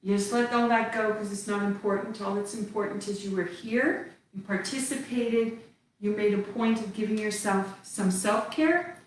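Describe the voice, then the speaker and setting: A woman teaching tai chi, giving calm cues while she moves through the form. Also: medium pitch, far from the mic, slight background noise. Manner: calm, slow cues spoken while moving. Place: indoor room with little space. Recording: very echoey room, voice away from the mic.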